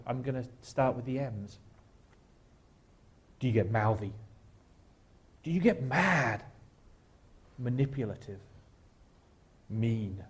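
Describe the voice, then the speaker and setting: A man, a guest speaker at a church, leading a slow guided reflection with a wry, gentle humor. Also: medium pitch. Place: church sanctuary.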